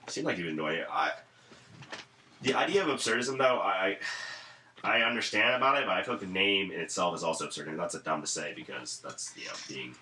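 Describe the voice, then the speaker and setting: A man's voice: sits low, pushed and bright, slight background noise. A young man telling a rambling story in casual chat, swearing now and then. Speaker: podcast guest.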